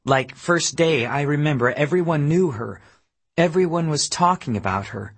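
A man's voice: a little high, lively intonation, moderate pace, vocal fry, slightly rough, voice pushed up, heavily acted. A man voicing a guarded, bitter woman from Memphis. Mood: confiding. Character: guarded, bitter woman, a mother of young kids.

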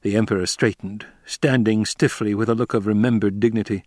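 A man narrating a novel in an even, measured storytelling manner. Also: fairly low pitch, no echo, clean studio sound. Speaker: audiobook narrator. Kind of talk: scripted narration.

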